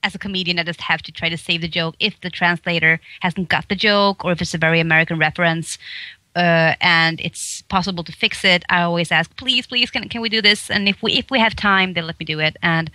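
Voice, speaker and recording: Swedish lady voice actress, chatty and giggly, bright crisp voice, dry sound. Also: on the low side, steady tone, brisk, dry recording. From Sweden. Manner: giggly, chatty, with frequent laughs and restarts. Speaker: voice actress and comedian guest. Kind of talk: casual interview chat.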